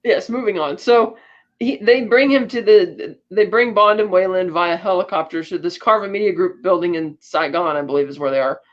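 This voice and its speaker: With the high frequencies cut off, we hear a woman with a lowish voice speaking at an ordinary pace. As a podcast co-host, she gives a loose, chatty summary of a movie's story, peppered with fillers and restarts.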